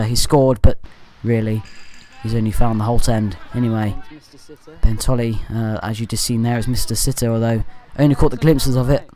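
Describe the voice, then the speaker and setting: A man talks over match footage in a loose, chatty commentary style. He drifts into jokey asides and corrects himself as he goes, at an ordinary mid-range pitch. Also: dark tone. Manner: rambling and jokey, with off-topic asides and self-corrections. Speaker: fan channel match commentator.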